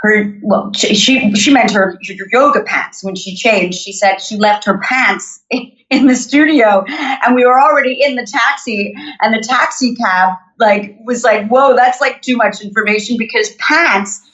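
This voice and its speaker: A woman's voice: fairly high pitch, unhurried, a bit bright, muffled recording. A woman from Canada with a North American accent, chatting as a podcast guest and telling stories with plenty of laughter. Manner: chatty, laughs often, storytelling. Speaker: guest singer. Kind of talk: casual interview chat.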